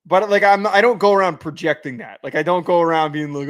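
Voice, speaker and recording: A young adult man co-hosting a casual sports podcast, animated and quick to laugh and swear. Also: a little high. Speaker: podcast co-host. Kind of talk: casual chat.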